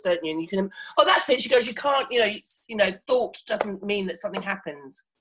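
A woman co-hosting a podcast on a video call, chatty and quick to chime in. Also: mid-range voice, sing-song, fairly bright tone. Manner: chatty, quick to prompt and laugh along. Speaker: podcast co-host. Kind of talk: casual chat recapping a TV episode. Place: home, recording remotely.

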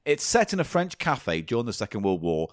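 A man's voice: medium pitch, very animated, a little fast, dry recording, clean studio sound. A man co-hosting a podcast, blunt and sweary, arguing his opinions in casual banter. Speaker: podcast co-host.

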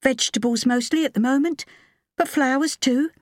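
A woman's voice: sits high, normal speed, no echo, studio quality, pitched above the performer's own voice, natural voice. A woman voicing a poised, proud young woman gardener, speaking steadily, in an audiobook. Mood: composed.

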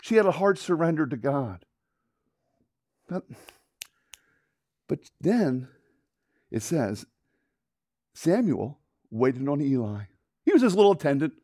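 Animated male preacher, dry close sound. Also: fairly high pitch, slow pace, long pauses, dry recording. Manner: animated storytelling, acting out voices, then hushed prayer. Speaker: pastor. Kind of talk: sermon with acted-out Bible story and prayer.

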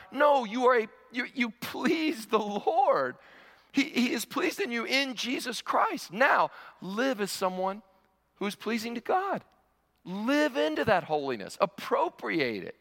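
A man's voice: extremely high pitch, very animated, measured pace, gravelly, bright, forceful tone. A man preaching a sermon as pastor, mixing teaching with storytelling and stammered restarts. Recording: long hall reverb.

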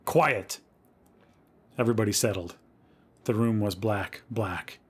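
Low-voiced man reading a spooky story. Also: normal speed. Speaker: podcast host reading stories.

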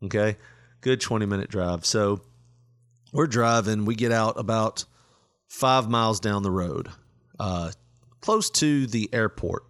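A middle-aged man with a lowish, slightly bright voice hosts a casual chat, speaking a little slowly with frequent pauses. He tells a long story, laughing often and retelling it with quoted voices and lines.

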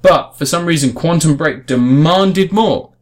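A man's voice: fairly high pitch, a little slow. A man in casual podcast chat, reviewing a game in a rambling way with frequent restarts. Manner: rambling, restarts often, animated emphasis.

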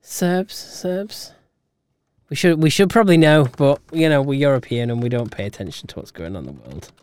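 A man's voice: medium pitch, lively intonation, moderate pace, darkish tone, clean tone, no echo. A man co-hosting a casual podcast, easygoing and giggly, reading items out. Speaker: podcast co-host. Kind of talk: casual chat.

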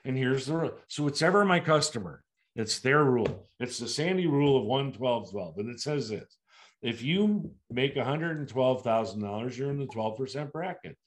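This is an older man from the United States, speaking as a seasoned sales producer in an interview. He tells his stories with energy, jumping his voice up and down as he acts out what clients and agents say. His pitch sits in a middle range for a man. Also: normal speed. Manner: animated, acts out client dialogue with big pitch jumps. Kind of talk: animated storytelling in an interview.

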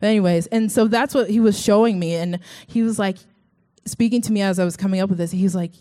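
A woman's voice: medium pitch, quick pace, dark tone. A young woman from Texas telling her personal faith story in an earnest, chatty way, with many fillers. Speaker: vlogger.

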